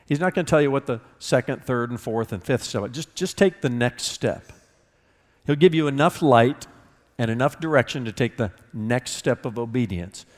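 A man's voice: mid-range voice, animated, normal speed, long reverb tail. A man pastor preaching a sermon in an expository manner, often repeating words for emphasis. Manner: expository, repeats words when stressing a point.

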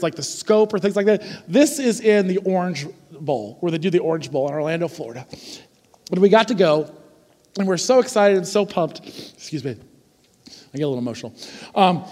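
A man in his forties preaching a sermon, telling stories in a lively, conversational way and often checking in with the congregation. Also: sits high, big-room sound. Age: 40s. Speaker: pastor. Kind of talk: sermon with storytelling.

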